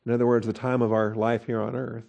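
Male Bible teacher, mellow tone, conversational expository delivery with fillers and rhetorical questions. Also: mid-range voice, little pitch movement, fast talker, gravelly, muffled recording. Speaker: pastor teaching Bible study.

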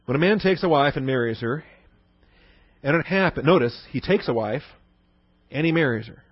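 A man's voice: fairly high pitch, moderate pace, breathy edge, no echo, muffled recording. Man teaching a Bible lesson. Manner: conversational, animated, often asks "okay?". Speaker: pastor.

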